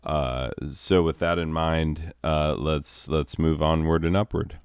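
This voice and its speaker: A man hosting a video, talking in a halting, self-deprecating, rambling monologue. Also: rumbling low, steady tone, clean tone, no room sound, clean studio sound. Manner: halting, self-deprecating, many fillers and restarts. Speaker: video host.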